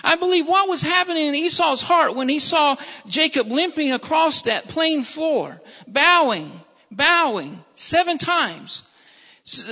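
A preacher delivering a sermon with emphatic, repetitive phrasing, slowing down to stress key words. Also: high-pitched, expressive, pushed and bright. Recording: long reverb, dull lo-fi sound.

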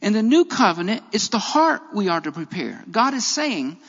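A man's voice: high voice, big pitch swings, normal speed, a bit bright. A man preaching a sermon in a church, emphatic and repeating his key phrases. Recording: reverberant, dull lo-fi sound.

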